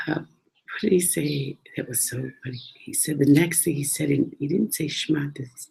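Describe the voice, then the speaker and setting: A woman's voice: sits low, a little slow, creaky, slightly rough, rough recording. A woman telling travel stories in a chatty, casual way, acting out the voices she quotes. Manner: chatty, acts out quoted voices, laughs often. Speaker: travel storyteller. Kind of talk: casual storytelling.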